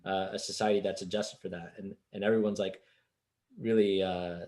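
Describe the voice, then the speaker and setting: A man's voice: low-pitched, little pitch movement, normal speed, a little mellow. A man discussing ideas on a podcast, trailing off and hunting for words. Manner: hesitant, many fillers and restarts. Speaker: podcast co-host. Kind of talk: casual discussion.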